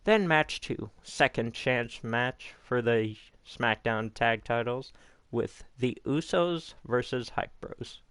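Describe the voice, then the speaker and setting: Slow-talking, smooth-voiced man ranting. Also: medium pitch, expressive, a bit bright, no echo. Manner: rambling, profane, opinionated. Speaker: YouTube wrestling recap host. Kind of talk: casual recap commentary.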